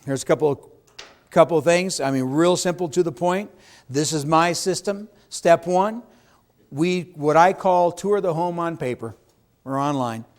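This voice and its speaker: A middle-aged man leads a sales seminar. His voice sits somewhat high for a man, and he speaks with emphasis, often turning to ask the audience questions and acting out client lines. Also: a little slow. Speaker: real estate sales trainer. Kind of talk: seminar talk to a live audience.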